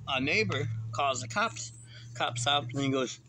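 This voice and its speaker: A man's voice: on the high side, animated, unhurried, sharp tone. A man casually telling a rambling story straight to his viewers, as a vlogger.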